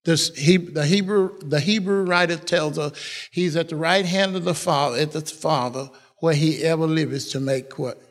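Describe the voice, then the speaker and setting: A man's voice: fairly high pitch, fairly even intonation, normal speed. A man preaching a sermon, repeating phrases and laughing as he drives points home. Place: church. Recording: long reverb of a church hall.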